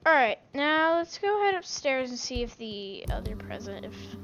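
A woman giving casual gameplay commentary on a headset, excitable and given to sudden shouts. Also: high voice, moderate pace, muffled recording, noisy background. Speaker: gaming video creator. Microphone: gaming headset.

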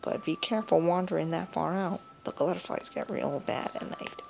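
A woman's voice: lowish voice, normal speed, vocal fry. A woman voicing a folksy, grieving old grandmother from a video game, reading the dialogue in a drawling way. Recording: noisy home recording.

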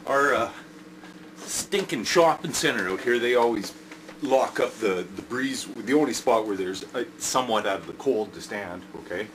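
An older man with a Canadian accent delivers a furious home-video rant, swearing constantly and circling back to the same complaint. His pitch sits in the middle range for a man. A faint hiss of noise runs under the recording. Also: animated, moderate pace. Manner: furious, swearing, yells and repeats himself. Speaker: vlogger. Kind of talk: angry rant to camera.

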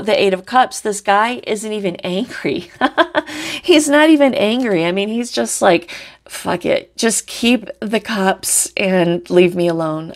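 A woman giving a casual tarot reading, blunt and salty, swearing freely and often tagging her points with "right?". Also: fairly low pitch. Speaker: psychic tarot reader.

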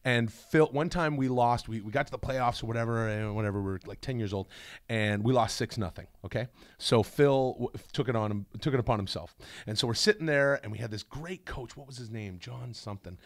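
A middle-aged man chatting as a podcast guest, telling animated stories with sudden yelps, his voice wavering as if choked up. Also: medium pitch, fairly quick, no room sound. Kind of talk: casual podcast chat.

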